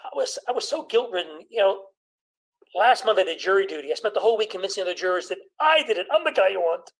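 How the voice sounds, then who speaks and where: A man in his sixties doing a stand-up comedy routine, telling stories about his childhood with quick jokes and impressions of his family. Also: high-pitched, lively intonation, low-quality recording.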